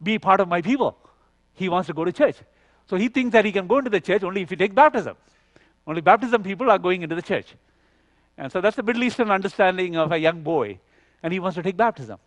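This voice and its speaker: A man preaching at a youth conference, telling a story with lively acted dialogue and frequent "you know". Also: sits high, quick pace, dry recording. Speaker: conference speaker. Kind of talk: sermon storytelling.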